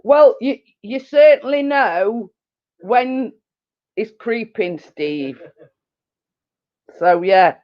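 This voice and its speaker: A middle-aged woman hosts a casual live-stream chat from her living room, rambling with lots of fillers and giggles. Her voice is on the high side with lively intonation, very slow and full of pauses, in a dull lo-fi home recording.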